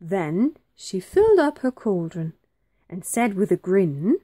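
A woman teacher reading a children's storybook aloud, slow and very expressive. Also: mid-range voice, no room sound.

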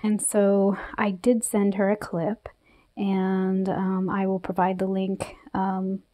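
A woman vlogging about her pet tarantula, talking softly and breathlessly with lots of fillers. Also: mid-range voice, completely flat delivery, slow. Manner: breathless and emotional, soft-spoken with frequent fillers. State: out of breath from excitement. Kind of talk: excited casual vlog narration.

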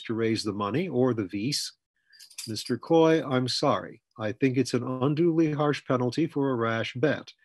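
A man voicing Fletcher, a calm, firm older mentor who talks in a measured, persuasive way. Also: medium pitch, breathy edge, dry recording.

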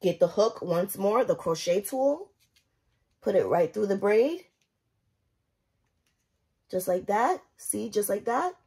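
Chatty, slangy young woman with a husky voice. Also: medium pitch, animated, slow, pauses often, a little mellow. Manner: chatty, slangy, talks to viewers directly. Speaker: beauty vlogger. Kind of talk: casual chat while doing her hair. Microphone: phone propped up nearby.

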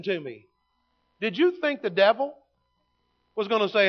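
A man, preaching a sermon in a folksy storytelling way that swings from loud to hushed. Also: high voice, animated, unhurried, long pauses, muffled recording, soft background music. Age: 50s. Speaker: pastor. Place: church sanctuary.

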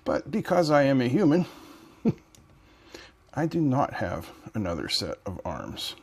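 A man's voice: mid-range voice, huge pitch swings, a little slow, gravelly, darkish tone, breathy edge. A man hosting a hobby channel, talking casually through a build while joking and thinking aloud. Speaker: electronics hobby channel host.

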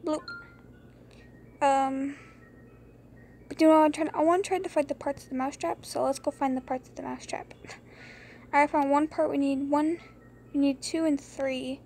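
A young woman chatting through a mouse game late at night, rambling and giggly, keeping her voice low so others can sleep. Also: steady tone, moderate pace, long pauses, a little hiss or hum. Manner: rambling, giggly, hushed to keep quiet. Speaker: gameplay streamer. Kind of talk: casual gameplay commentary. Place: bedroom at home late at night. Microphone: phone screen recorder.

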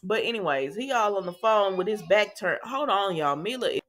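Woman, soap recap host, casual chat, chatty, animated retelling, mid-pitched voice. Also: normal speed.

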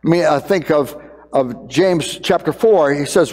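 A man's voice: a little high, unhurried, a little mellow, long reverb tail. An older man preaching a sermon in a conversational way, often repeating words as he thinks.

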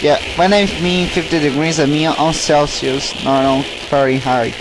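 A man from Brazil, talking casually over a game, jokey and self-mocking, with halting phrasing. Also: a little high, steady tone, noisy background. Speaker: let's play commentator.

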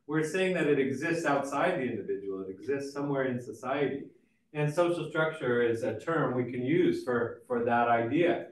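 A man lecturing on sociology in a relaxed, conversational way, with frequent fillers and restarts. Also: mid-range voice, normal speed. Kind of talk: recorded college lecture. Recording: echoey room, mic at a distance.

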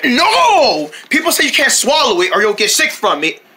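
Lively, bright-voiced comedy skit performer. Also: mid-range voice. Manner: excitable, quick switches between characters, bursts of shouting. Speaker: skit performer voicing several characters. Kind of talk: playful comedy skit with banter.

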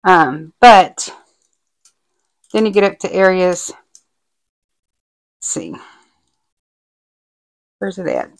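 A woman vlogging casually about her diamond painting progress, gushing and excited, with many ums and likes. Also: fairly low pitch, drawn-out words, vocal fry, pauses often, low-quality recording. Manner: gushing, excitable, lots of fillers. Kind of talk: casual show-and-tell vlog.

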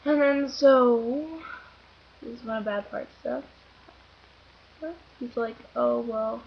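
A woman's voice: fairly high pitch, steady tone, slow pace, vocal fry, muffled recording. A young woman telling a story casually, rambling and giggly, with many fillers. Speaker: vlogger.

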